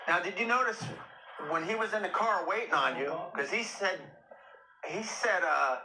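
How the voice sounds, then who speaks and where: A man's voice: on the high side, animated, normal speed, bright, forceful tone. A man interviewing a guest, putting in short prompts and pointed questions. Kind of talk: casual interview. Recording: echoey room with faint noise.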